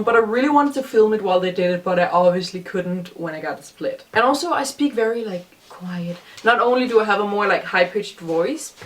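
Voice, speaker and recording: A woman's voice: medium pitch, far from the mic. A young woman in her twenties with a noticeable accent, chatting casually in a rambling, self-deprecating way with lots of ums. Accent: noticeable non-native accent. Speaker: vlogger. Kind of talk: casual reaction vlog commentary.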